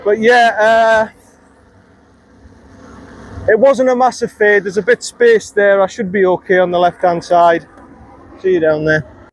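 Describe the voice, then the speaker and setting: A man's voice: sits high, steady tone, measured pace, pauses often. A man giving chatty, self-critical commentary while playing a round of golf outdoors, muttering at himself after bad shots. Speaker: golf vlogger. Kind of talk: casual on-course commentary.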